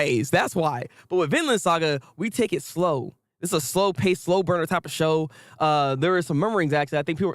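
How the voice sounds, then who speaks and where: A man's voice: sits high, dry recording, clean studio sound. A young man hosting an anime review show, talking casually in hyped slang, repeating himself and laughing often. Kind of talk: casual excited commentary.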